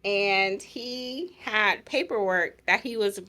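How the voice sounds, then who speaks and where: A woman's voice: mid-range voice, slow pace, bright, forceful tone. A middle-aged woman casually telling the story of her engagement, laughing often as she goes. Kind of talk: casual chat.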